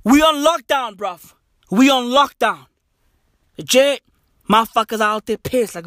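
A speaker delivering a profane, mocking comic rant, swinging between loud and soft. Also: mid-range voice, lively intonation, unhurried, dry recording, studio quality. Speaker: comedian.

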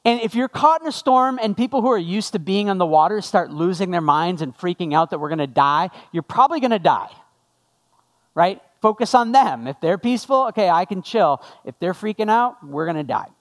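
Male pastor, fairly high voice, casual sermon delivery that draws the congregation in. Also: animated, a little fast. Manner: conversational, asks the congregation questions.

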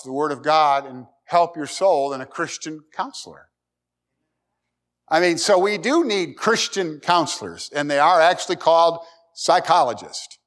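A middle-aged man preaching a sermon, folksy and emphatic, climbing to loud high peaks and repeating words. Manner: emphatic, rising loud at key points. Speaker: pastor.

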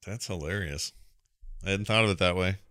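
A man's voice: low-pitched, fairly quick, sharp tone. A man hosting a casual film podcast, joking and playing movie clips for his co-hosts. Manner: plays clips and jokes. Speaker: podcast host. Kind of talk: casual chat.

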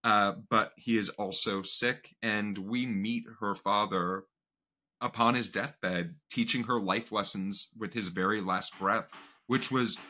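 Animated podcast host with a bright voice. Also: male voice, fairly low pitch. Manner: animated, quick, many fillers. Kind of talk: casual podcast discussion.

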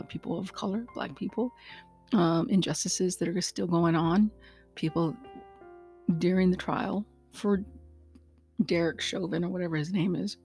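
A woman's voice: on the low side, gravelly, darkish tone, breathy edge. A woman hosting a casual solo podcast, talking earnestly and outspokenly with fillers and asides to her listeners. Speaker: podcast host.

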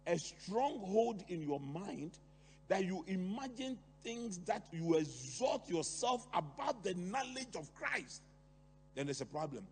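A middle-aged man preaching a sermon, talking to the congregation with lively rhetorical questions and asides. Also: high voice. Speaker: pastor. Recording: long hall reverb, faint hum.

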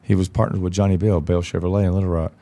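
A man's voice: low-pitched, flat delivery, very fast, mellow. A man, a podcast guest telling stories in a blunt, profane, casual way. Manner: profane, blunt, acts out quoted dialogue. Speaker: podcast guest, country singer. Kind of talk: casual storytelling chat.

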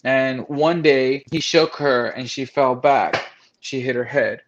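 A man's voice: mid-range voice, slow, lo-fi sound. A man frankly telling a personal story, blunt and profane, acting out what others said. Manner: frank, profane, acts out quoted voices.

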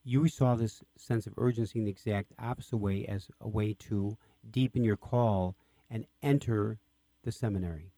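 A man's voice: on the low side, fairly even intonation, normal speed, mellow, dry recording. A man hosting an interview who asks questions with enthusiasm. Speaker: host, interviewer. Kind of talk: radio interview.

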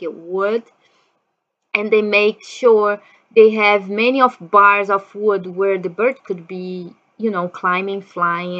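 A woman casually telling a childhood story as a vlogger, animated, laughing often and acting out quotes in a higher voice. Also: muffled recording.

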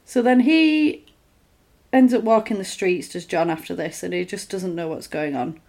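A woman talks through a film's story in a relaxed, chatty way, the kind of easy back-and-forth a podcast host has with a friend. She keeps the telling lively and now and then slips into brief put-on voices for the characters. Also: fairly low pitch. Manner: animated retelling, acts out lines in quick put-on voices; conversational, with fillers and restarts. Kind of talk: casual film recap chat.

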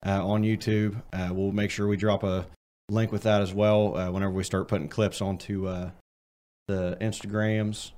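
A young man with a fairly low voice hosts a casual podcast chat. He rambles in a loose, joking way as he runs through plugs and old stories. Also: little pitch movement, normal speed, darkish tone. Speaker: podcast host.

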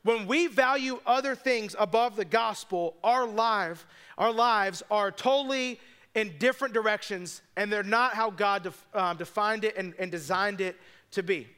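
A man preaching a sermon as pastor, telling the story with quick asides and voiced quotes. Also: high-pitched, a bit bright, clear, resonant tone.

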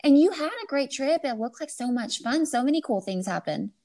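A woman's voice: high-pitched, expressive, fairly quick, warm tone. A woman in her forties co-hosting a podcast, playful and teasing, slipping into silly voices. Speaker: podcast co-host. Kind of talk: casual chat.

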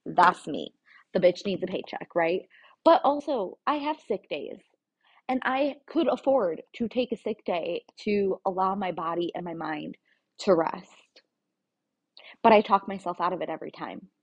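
A woman's voice: lowish voice, normal speed, gravelly, breathy edge. A woman talking frankly in a casual personal monologue, confessional and plain-spoken, with the odd swear word. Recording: dull lo-fi recording.

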